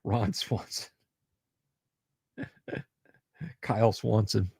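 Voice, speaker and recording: A man's voice: fairly low pitch, drawn-out words, vocal fry, a little mellow, husky, no echo, clean studio sound. Rambling, jokey male livestream host. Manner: rambling, jokey, laughs often. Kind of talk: casual chat.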